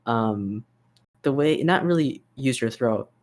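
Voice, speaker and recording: A man's voice: medium pitch, expressive, slow, no room sound. Guy on a podcast rambling about vocal technique, dry close sound. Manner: demonstrates vocal fry and gritty singing while explaining; lots of fillers, restarts and "you know". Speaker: podcast host. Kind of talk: casual chat.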